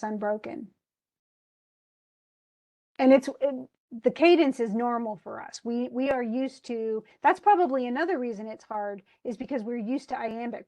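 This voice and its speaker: Woman, instructor, fairly high-pitched, chatty, patient, casual tutoring. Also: darkish tone. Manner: chatty, explains with spoken examples, laughs easily. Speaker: English instructor.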